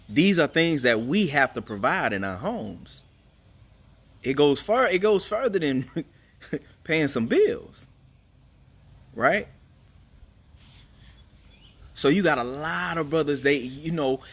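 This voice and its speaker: A man's voice: medium pitch, fairly bright tone. A man talking casually outdoors to people on a live stream, telling a story in a loose, repetitive way and calling his listeners "man" again and again. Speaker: father streaming live to followers. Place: outdoors at home.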